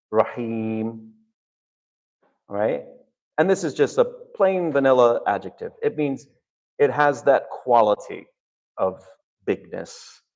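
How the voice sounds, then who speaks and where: Gravelly man giving a lecture. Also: fairly low pitch, a little mellow. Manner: engaging, quizzes the audience with questions. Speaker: seminar lecturer. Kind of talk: lecture on Arabic and scripture.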